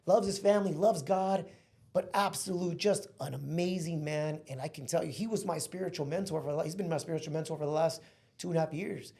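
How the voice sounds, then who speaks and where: Earnest guy in his 30s telling a heartfelt story on a podcast, mellow warm tone, says bro a lot. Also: on the high side, fairly quick, creaky. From Mexico. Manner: earnest, heartfelt, calls listener bro and man. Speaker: podcast guest.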